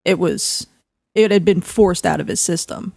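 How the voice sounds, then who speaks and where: A woman's voice: on the low side, moderate pace, gravelly, darkish tone, husky. A woman co-hosting a casual podcast, teasing the others with dry jokes. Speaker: podcast co-host.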